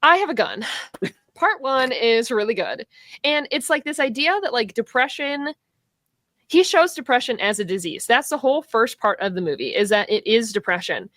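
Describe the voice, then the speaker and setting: Woman co-host, casual film debate; teasing, laughs often, passionate. Mid-high voice, dry close sound. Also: expressive, normal speed, a bit bright, no echo.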